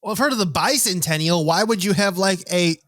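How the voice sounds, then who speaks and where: A man's voice: high-pitched, a little fast, a bit bright, no echo, clean studio sound. A man co-hosting a comedy podcast, chatting casually and dropping in jokey asides. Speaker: podcast co-host.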